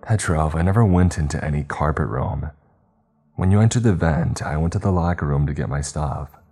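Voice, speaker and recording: A man's voice: rumbling low, normal speed, breathy edge, faint music behind. A man doing a wary, guarded young woman. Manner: guarded, trying to sound calm. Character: wary young woman, tech store worker.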